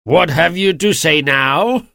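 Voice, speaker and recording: A man voicing a surly, hot-tempered market salesman who talks loudly and blusters. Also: on the high side, animated, slow, vocal fry, no room sound, studio quality, heavily acted. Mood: triumphant. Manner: loud, blustering.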